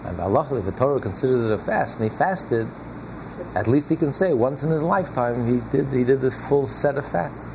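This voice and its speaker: A Torah class teacher leads a small study group in an even, middling pitch. He drives his points home by emphatically repeating key phrases and chuckles often as he explains. A faint hum runs beneath the recording.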